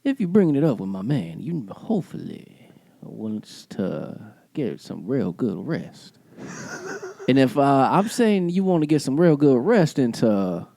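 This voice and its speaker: A man's voice: mid-range voice, big pitch swings, a little slow, creaky, dark tone, dry recording. A man co-hosting a casual podcast, playful and teasing, often breaking into laughs. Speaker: podcast co-host. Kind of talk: casual banter.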